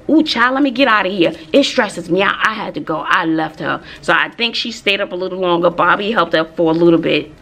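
A woman's voice: lowish voice, a little fast, hardly any pauses. A woman, chatting casually in a vlog. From Texas, USA. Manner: chatty, animated storytelling with asides. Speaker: vlogger and teacher.

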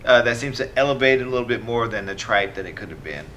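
A man co-hosting a movie review, speaking in a measured, articulate way with a dry wit. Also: medium pitch, expressive, a bit bright, slight background noise. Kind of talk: casual review chat.

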